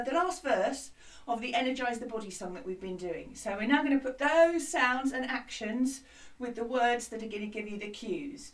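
A woman who is a music teacher, leading a lively children's music lesson from a hut, with a bright, encouraging, sing-song way of talking. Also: on the high side. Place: outdoor classroom hut. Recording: slightly distant mic with music behind.

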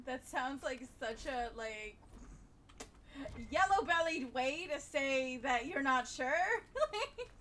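A woman's voice: sits high, lively intonation, slow pace, fairly bright tone, slight background noise. A woman streaming a game, chatting casually and laughing often. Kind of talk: casual chat while playing.

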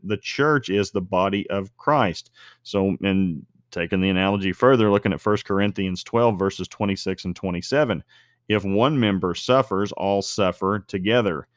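A man casually teaching on scripture in an explanatory way, often slowing down to stretch out key words. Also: lowish voice, no echo, studio quality. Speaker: online commentator on faith and news.

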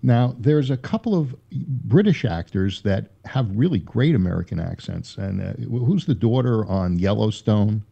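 A man's voice: lowish voice, animated, moderate pace, vocal fry, hardly any pauses, mellow, husky. A man chatting casually, hesitant, with many uhs and short agreements. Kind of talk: casual chat. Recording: dull, lo-fi sound.

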